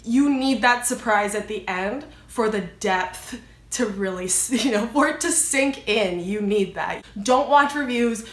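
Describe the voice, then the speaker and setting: A woman's voice: on the high side, a little slow, fairly bright tone. A young adult woman vlogging a casual movie review, chatty and rambling, with lots of filler words. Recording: echoey room.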